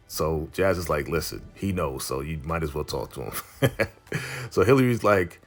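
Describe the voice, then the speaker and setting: Deep male recap host, casual and rambling, soft music bed underneath. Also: lively intonation, normal speed. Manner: loose and chatty, full of "you know" and "like". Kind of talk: casual episode recap, retelling scenes with quoted lines.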